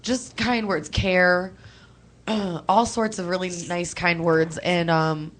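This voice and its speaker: A young woman, chatting on a call-in show, animated and quick to laugh, emotional and close to tears at times. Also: lowish voice. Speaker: co-host. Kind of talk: casual radio chat.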